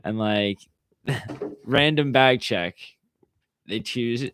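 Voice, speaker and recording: A man's voice: medium pitch, very slow, pauses often, fairly bright tone, a little hiss or hum. A young man from Maryland, a podcast guest telling a laid-back story full of fillers. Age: young adult. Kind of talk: casual chat.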